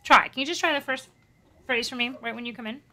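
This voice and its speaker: A woman voice teacher giving a masterclass, coaching a singer in an encouraging, lively way and demonstrating French phrases aloud. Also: a little high, fast, very noisy.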